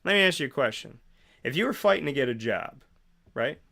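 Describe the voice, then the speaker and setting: A man with a medium-pitched, expressive voice talks briskly, with vocal fry and a sharp edge. He hosts a preachy motivational morning monologue, firing off rhetorical questions and repeating phrases for emphasis. He also plays both sides of imagined conversations.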